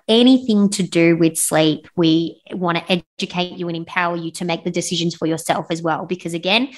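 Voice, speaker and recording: A young woman, a podcast guest telling her birth story in a frank, animated way with blunt swearing. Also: lowish voice. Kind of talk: casual storytelling interview.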